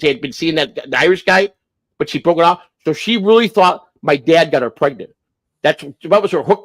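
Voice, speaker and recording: A man's voice: a little high, a bit bright. A man around sixty telling a family story on a livestream, blunt and profane, repeating and restarting as he goes. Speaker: livestream host.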